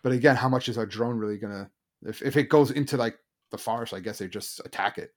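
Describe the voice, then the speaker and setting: A man in a casual podcast chat, racing through a story with loose phrasing and plenty of fillers. His pitch sits in a middle range, and he talks at a quick clip. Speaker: podcast co-host.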